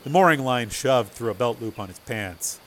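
A man narrating a novel chapter in a steady, measured storytelling voice. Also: medium pitch, slight background noise. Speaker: audiobook narrator. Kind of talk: scripted narration.

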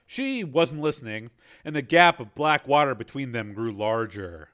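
A man's voice: medium pitch, sing-song, moderate pace, fairly bright tone. A man narrating a chapter of an adventure novel as an audiobook reader. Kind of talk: scripted narration.

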